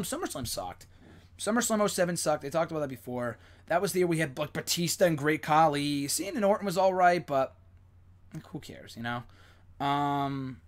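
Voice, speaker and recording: Young male host, casual live-stream chatter, rambling with lots of fillers, swears when excited. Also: on the high side.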